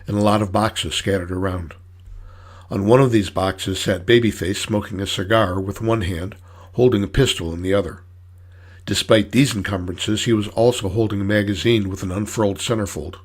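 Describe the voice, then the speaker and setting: Low, husky man narrating a hard-boiled story. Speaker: author reading his own story.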